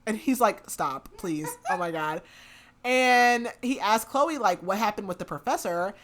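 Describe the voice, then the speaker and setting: A woman's voice: mid-range voice, measured pace. Chatty woman recapping a romance novel. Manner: animated retelling with lots of "like", half-acting the quotes. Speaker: podcast host. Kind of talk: casual book recap.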